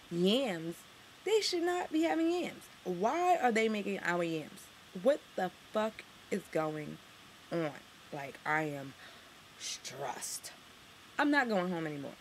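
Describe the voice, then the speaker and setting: Here a New York-accented woman from Harlem rants to the camera as a vlogger in a lowish voice, with faint hiss or hum behind her. Her tone is profane and sarcastic, and it spikes higher as she gets outraged.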